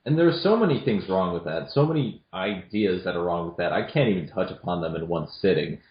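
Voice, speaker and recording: A man co-hosting a casual film review chat, giving blunt opinions in an animated way. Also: sits low, brisk. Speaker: co-host. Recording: dull lo-fi sound in a roomy echo.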